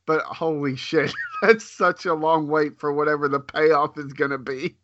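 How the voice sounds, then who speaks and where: A man's voice: a little high, moderate pace, a bit bright, lo-fi sound, slight background noise. A man co-hosting a casual chat in a laid-back way, giving short replies and laughing along.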